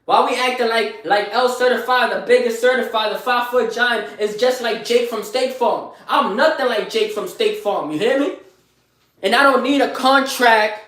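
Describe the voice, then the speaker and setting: A young man with a strikingly high voice hypes himself up in a live motivational vlog, boasting in street slang. He repeats lines over and over and keeps asking his listeners questions. His voice rings in an echoey room. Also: normal speed, sharp tone. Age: young adult. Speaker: motivational vlogger.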